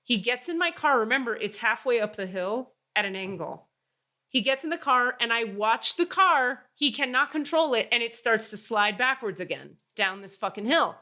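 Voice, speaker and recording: A woman hosting a podcast, telling a story in casual chat, animated and swearing freely. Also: on the high side, moderate pace. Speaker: podcast host.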